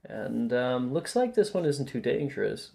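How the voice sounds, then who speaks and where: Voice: mid-range voice, big pitch swings, normal speed, vocal fry, mellow. A game master narrating a tabletop role-playing game in an easygoing, chatty way. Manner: easygoing, chatty, laughs often.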